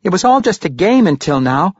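A man's voice: high-pitched, expressive, moderate pace, breathy edge, no echo, lo-fi sound, pitched above the performer's own voice. A man voicing a nimble young male halfling who taunts a bigger opponent in an audiobook. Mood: taunting. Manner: taunting, cool.

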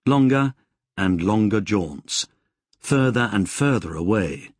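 Husky, low-voiced male storyteller. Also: normal speed, no echo, studio quality. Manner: expressive storytelling. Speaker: audiobook narrator. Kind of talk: scripted narration.

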